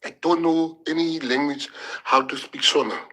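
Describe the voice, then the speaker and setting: Husky, emotional man. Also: a little high, fairly bright tone, poor audio. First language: Afrikaans. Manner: emotional, halting, repeats words. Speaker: politician. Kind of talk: impassioned public address.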